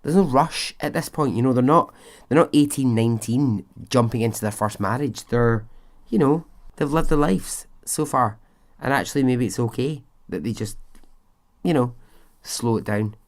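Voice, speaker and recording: A man's voice: mid-range voice, moderate pace. A man hosting a podcast, narrating a true story casually with chatty asides and frequent fillers. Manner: chatty, conversational asides, frequent "you know".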